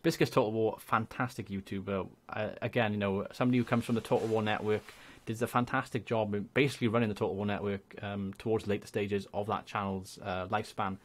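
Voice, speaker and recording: Chatty young Welsh man, lowish voice. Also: fairly even intonation, fast, hardly any pauses. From Wales. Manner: chatty, rambling, laughs often. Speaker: YouTube gaming creator. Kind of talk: casual channel shout-out monologue.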